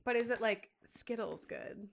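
A woman's voice: on the high side, unhurried, creaky, a little hiss or hum. A woman hosting a casual podcast, bubbly and giggly, rambling as she talks. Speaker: podcast host. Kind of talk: casual chat.

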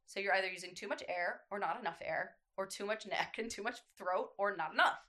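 A woman working as a voice coach, explaining technique in a relaxed podcast chat, with many fillers. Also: medium pitch, brisk. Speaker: voice coach guest.

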